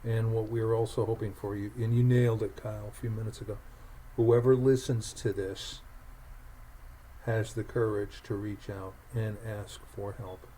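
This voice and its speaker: A lower-pitched man hosting a podcast, emphatic and conversational as he tells a story. He doubles back on his words when starting a thought. A faint hiss sits under his voice. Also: steady tone, moderate pace, mellow, rough recording. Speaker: podcast host.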